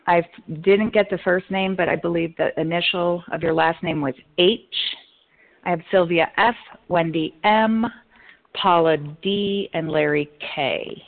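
A woman leads a phone meeting and calls out the speaking order in a friendly, slightly hurried way. Her voice is lowish and comes through a thin phone line. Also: creaky. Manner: friendly, organizing, a little hurried. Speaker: meeting leader.

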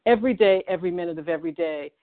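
A woman from the Boston area sharing her recovery story at a meeting, halting and emotional, with many pauses and restarts. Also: fairly low pitch. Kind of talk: personal recovery share. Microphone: phone dial-in. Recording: tinny phone line.

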